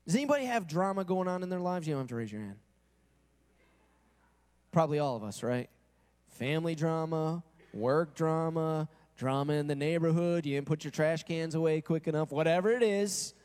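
Man, pastor, sermon, chatty, asks the congregation questions, high voice, long church-hall reverb. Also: animated, moderate pace, darkish tone, clean tone. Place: church sanctuary.

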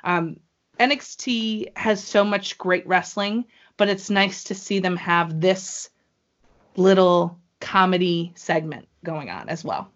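Excitable woman gushing about wrestling. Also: lowish voice, slow pace, dull audio. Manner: excitable, gushing fan talk. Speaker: wrestling show co-host. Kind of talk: casual podcast chat.

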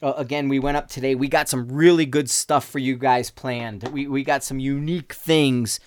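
A man's voice: medium pitch, steady tone, normal speed. A man hosting a casual solo podcast, rambling and joking with lots of stammered restarts. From Denver area, USA. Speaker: podcast host. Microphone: podcast mic.

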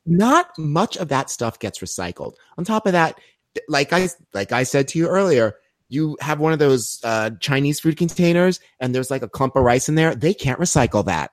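A man's voice: a little high, lively intonation, moderate pace, dry recording, clean studio sound. A man co-hosting a podcast in casual banter, playing up mock offense and jokes. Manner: theatrical, mock-offended, jokey. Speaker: podcast co-host.

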